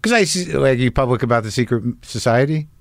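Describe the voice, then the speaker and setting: A man's voice: medium pitch, expressive, fast, creaky, no room sound. Male host, wry and teasing, rambling chat, dry close mic. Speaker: podcast host. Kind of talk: casual chat.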